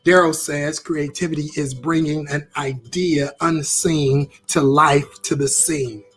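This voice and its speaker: A man's voice: a little high, fairly even intonation, slow, fairly bright tone, faint music behind. A man teaching a live-streamed interactive class on creativity, upbeat, repeating phrases as he reacts to viewer comments.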